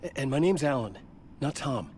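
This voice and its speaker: Game role: male actor as a wary lost writer, mid-pitched, quick urgent questions. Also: expressive, a little mellow, slight background noise, natural voice. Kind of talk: video game dialogue.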